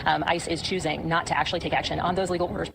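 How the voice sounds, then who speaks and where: A woman's voice: low voice, flat delivery, rapid-fire, vocal fry, background noise. A woman guest in a television interview, speaking with frequent hesitations and ums.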